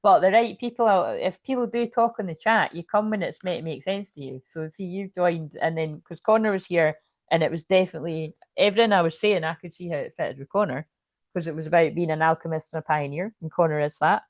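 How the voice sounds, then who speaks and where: Woman doing a live tarot stream, lowish voice, rambly and sweary, dry close sound. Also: fairly quick, dry recording. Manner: rambling, casual, swears freely; keeps checking in with "you know what I mean". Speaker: tarot reader.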